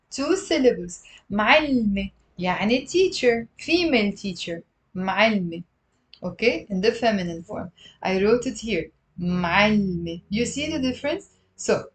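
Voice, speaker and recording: Patient Lebanese woman teaching Arabic. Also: medium pitch. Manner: patient, repeats words slowly, chats with viewers. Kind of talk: live online language lesson.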